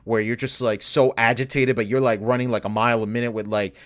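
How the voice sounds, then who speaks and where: A man's voice: mid-range voice, fast talker. Young guy on a podcast ranting about his day, swearing a lot, gets all fired up. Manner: animated, profane, gets worked up retelling. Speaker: podcast co-host. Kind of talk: casual storytelling chat.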